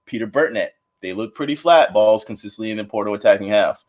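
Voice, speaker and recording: Animated man chatting football, laughing. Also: lowish voice, quick pace. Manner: animated, laughs often, trips over words. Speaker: watchalong host. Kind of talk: casual sports chat.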